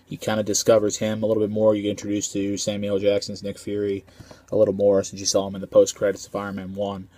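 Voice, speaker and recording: Casual male movie reviewer, slangy and rambling, lowish voice, dry recording. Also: monotone, fast talker, dark tone, dry recording. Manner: slangy, rambling, lots of filler ums.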